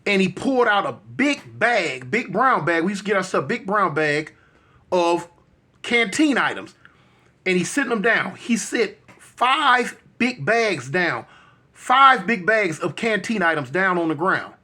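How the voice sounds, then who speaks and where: A man's voice: sits high, big pitch swings, a little slow, sharp tone. A man telling a personal story in a casual, slangy, conversational way, often checking in with the listener. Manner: slangy, conversational, frequent "you know what I'm saying".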